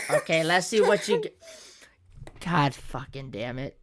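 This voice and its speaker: A woman's voice: deep voice, expressive, a little slow, slight background noise. A woman hosting a casual podcast, talking in an exasperated rant and swearing freely. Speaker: podcast host.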